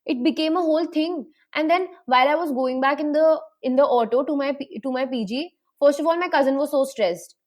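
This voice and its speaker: A young woman, a guest telling stories in an animated way. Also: high-pitched, fairly quick, hardly any pauses. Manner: animated storyteller, acts out quoted voices. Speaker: panel guest. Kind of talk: casual storytelling in a panel chat.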